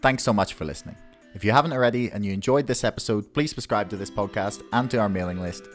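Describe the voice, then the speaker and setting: A man's voice: lowish voice, quick pace. A man hosting a podcast, reading a friendly scripted sign-off. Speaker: podcast host. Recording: music bed behind the voice. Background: music.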